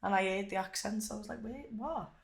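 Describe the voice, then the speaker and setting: Gravelly, lively young woman. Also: mid-range voice, fairly quick. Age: young adult. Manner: animated storyteller, swears freely. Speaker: guest fighter. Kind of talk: casual interview chat. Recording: echoey room.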